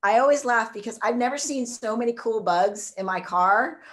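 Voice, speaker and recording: A woman's voice: fairly high pitch, moderate pace. A woman, talking enthusiastically as an interview guest, rambling with lots of fillers. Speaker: guest, food truck co-owner. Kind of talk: casual interview chat.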